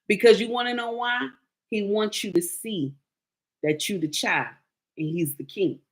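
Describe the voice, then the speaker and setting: A woman vlogging casual commentary, telling stories in an animated, emphatic way. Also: medium pitch, a little slow.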